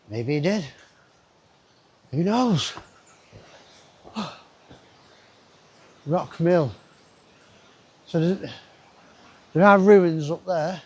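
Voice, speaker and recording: A man with a fairly high voice speaks very slowly, leaving long pauses, as he walks a river gorge outdoors chatting to his camera. This travel vlogger's casual talk rambles, with asides to himself.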